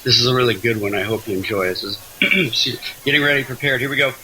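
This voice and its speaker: A man's voice: medium pitch, fast talker, sharp tone, a little hiss or hum, low-quality recording. A man as a guest in an interview, talking in a chatty, self-deprecating way with frequent restarts. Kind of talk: casual interview chat.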